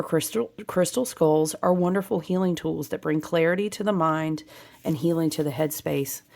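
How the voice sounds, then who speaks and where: A woman with a low, gravelly voice chats through a spiritual card reading. She drifts between reading card text aloud and loose asides to her viewers, laughing easily. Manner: warm, chatty, laughs often, reads card text aloud. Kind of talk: casual oracle card reading.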